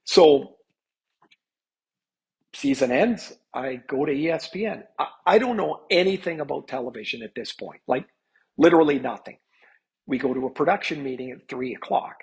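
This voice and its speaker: A man's voice: on the high side, expressive, moderate pace, vocal fry, breathy edge, low-quality recording. A man in his fifties, a hockey analyst, telling stories in a chatty podcast interview, with many restarts.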